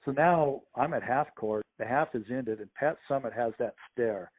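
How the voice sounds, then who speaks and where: A middle-aged man, a sports official and podcast guest, telling lively anecdotes in a conversational interview and acting out what other people said. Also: mid-range voice, normal speed. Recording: tinny phone line.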